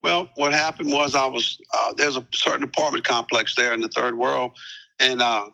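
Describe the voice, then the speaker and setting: Gravelly, forceful older male storyteller. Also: medium pitch, normal speed, low-quality recording. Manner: calm, repetitive storytelling with many fillers. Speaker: guest, retired police captain. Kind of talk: storytelling interview.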